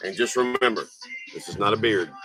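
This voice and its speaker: A man with a somewhat low voice, bantering loosely and swearing freely as he hosts a late-night livestream. Loud music plays under his talk throughout. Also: fairly quick. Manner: profane, laid-back banter. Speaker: livestream host.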